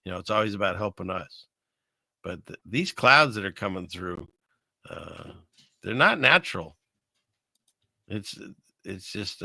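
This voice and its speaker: A man talks casually to his livestream chat, wandering from point to point and reading scripture aloud. His voice has a gravelly fry and a sharp, bright edge. The sound is dry and close, with no room around it. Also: low voice, no room sound. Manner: rambling, conversational, reads verses aloud. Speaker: live stream host.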